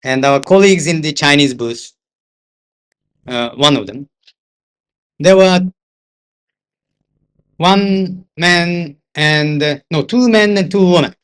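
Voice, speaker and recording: This older man's voice is fairly high, fairly bright and clean, and he takes it slowly with frequent pauses. He is an interpreter with a Japanese accent whose storytelling seminar talk includes occasional Japanese asides.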